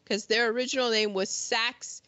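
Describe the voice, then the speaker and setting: A woman chatting casually as a podcast co-host, animated and excitable, often acting out what people said. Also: a little high, normal speed, no echo. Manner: animated, excitable, acts out quoted voices. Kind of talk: casual chat. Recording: dull lo-fi sound.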